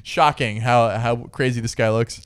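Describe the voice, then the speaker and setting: A man's voice: medium pitch, fairly even intonation, normal speed, clear, resonant tone, no echo, studio quality. A man co-hosting a comedy podcast, chatting casually and laughing often between jokes. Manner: laughs often, puts on brash voices for bits. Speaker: podcast co-host.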